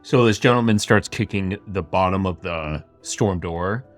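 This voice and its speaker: A man's voice: low-pitched, a little slow, soft background music. A man hosting a podcast, telling a true crime story in a chatty, casual way with lots of asides. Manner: chatty retelling full of "like" and asides. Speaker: podcast host. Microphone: camera-facing setup.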